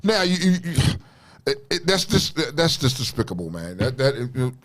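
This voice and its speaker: A man co-hosting an uncensored talk show, animated and profane, cutting in with jokes. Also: mid-range voice, a little fast. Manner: animated, profane, joking interjections. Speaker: podcast co-host. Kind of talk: uncensored casual chat.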